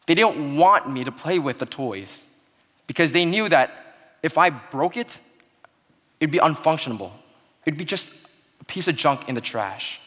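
A young man giving a sermon-style talk, telling a childhood story in an earnest way that goes quiet at the sad moments. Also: on the high side, animated, normal speed, pauses often. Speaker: speaker giving a Christmas message. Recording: long hall reverb.

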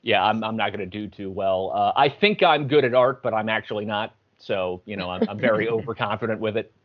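A man from the Philly area talks through an interview in a relaxed, rambling way, full of fillers and self-deprecating asides. His voice sits a little low. The audio is muffled and lo-fi. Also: fairly quick. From Philadelphia area. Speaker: game show champion guest. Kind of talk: casual interview chat.

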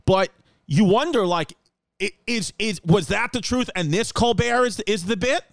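High-pitched guy cracking jokes at home, rambly casual chat, super dry mic. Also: normal speed, no echo. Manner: rambling, joking, animated. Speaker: podcast host. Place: home apartment.

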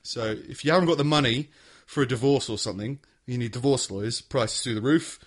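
A man's voice: fairly quick, slightly rough, natural voice. Man doing a brash cut-price lawyer ad. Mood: pushy. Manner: loud, pushy sales pitch.

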